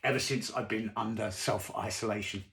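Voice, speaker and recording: A man's voice: fairly low pitch, steady tone, normal speed, gravelly, fairly bright tone. A hungry, demanding customer, voiced by a man telling a joke. He sounds like an ordinary man, pushy and impatient, pressing his point without any put-on accent. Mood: insistent. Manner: insistent, impatient.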